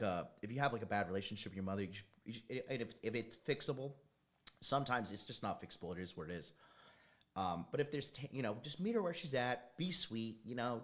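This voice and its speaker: Rambling blunt man with lively pitch. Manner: rambling, tangent-prone, blunt and profane. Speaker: dating coach and show host. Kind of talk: casual livestream monologue.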